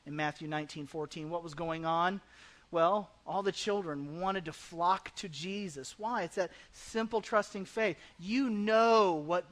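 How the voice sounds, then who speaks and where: A pastor preaching a conversational sermon in a church, now and then acting out the people in the story. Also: male voice, high voice, a bit bright. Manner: conversational preaching, acts out quoted voices. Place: church sanctuary.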